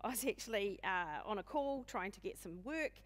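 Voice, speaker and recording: A woman in her forties with a New Zealand accent, giving a humorous, self-deprecating keynote talk in a loud, booming voice and speaking fast. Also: animated. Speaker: conference speaker. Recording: long hall reverb.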